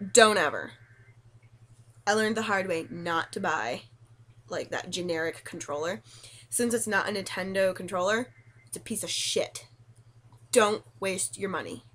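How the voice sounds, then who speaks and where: A young woman vlogger ranting casually about her gaming week, animated and swearing, with high squeals when she quotes herself. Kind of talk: casual rant to camera.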